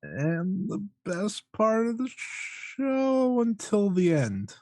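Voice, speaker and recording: Slow-talking man in a dry booth. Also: high voice, wildly swooping pitch, darkish tone, dry recording. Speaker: podcast co-host. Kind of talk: casual wrestling podcast chat.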